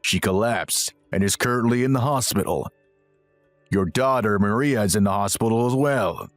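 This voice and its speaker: A man's voice: fairly low pitch, normal speed, dry recording, faint music behind, lightly acted. A man voicing a stern, disapproving older father who rebukes firmly in a dramatized text-message story.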